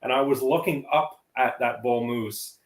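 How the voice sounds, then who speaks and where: A man's voice: medium pitch, a little slow, a little hiss or hum. Man chatting in an echoey room. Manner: lively storyteller who acts out what he said. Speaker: panel speaker. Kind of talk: casual conversation. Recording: roomy echo.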